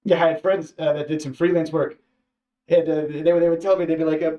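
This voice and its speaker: A man telling a personal story in a casual, halting way, repeating words and acting out what others said. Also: a little high, dull audio. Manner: halting, repeats words, lively quoting voices. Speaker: former contestant telling his story.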